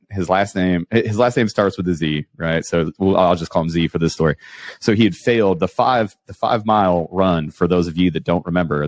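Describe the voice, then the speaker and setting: A man with a very low voice hosts a casual podcast and tells animated stories full of restarts. He speaks into a close microphone, and the sound is dry and dead. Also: no echo. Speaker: podcast host. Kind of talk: casual storytelling interview.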